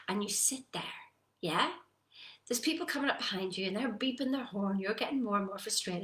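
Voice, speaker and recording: Lively woman coaching, echoey room. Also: medium pitch, normal speed. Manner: animated, acts out her own inner voice. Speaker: personal development coach. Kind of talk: casual motivational talk to camera.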